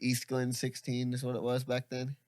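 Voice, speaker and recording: A man's voice: medium pitch, completely flat delivery, moderate pace, a little mellow, no room sound, studio quality. A young man hosting a podcast, telling stories in casual chat, rambling with lots of laughs and swearing. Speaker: podcast host.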